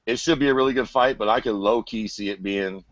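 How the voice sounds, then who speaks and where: A man's voice: lowish voice, fairly quick, a bit bright, no room sound, dull audio. A man co-hosting a casual podcast about fighting, crude and joking, with a lot of cursing. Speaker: podcast co-host. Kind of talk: casual MMA chat.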